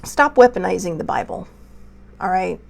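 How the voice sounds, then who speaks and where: A woman hosting her own show, speaking with tearful anger in impassioned personal commentary, moving between soft near-whispers and raised outbursts. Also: fairly low pitch, expressive, moderate pace, gravelly. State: tearful, angry. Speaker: show host.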